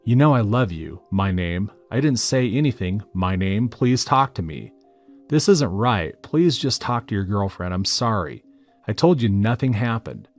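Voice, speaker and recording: A man's voice: on the low side, lively intonation, a little slow, soft background music. A man voicing a tearful young woman who begs her boyfriend, in a pleading way.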